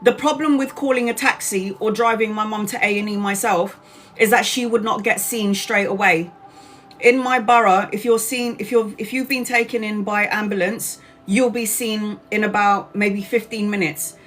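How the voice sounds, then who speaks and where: A woman's voice: medium pitch, fairly even intonation, moderate pace, a bit bright, a little hiss or hum. A woman in her forties, a tarot reader hosting a live stream, telling a story casually, swearing freely and greeting viewers by name as she talks. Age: 40s.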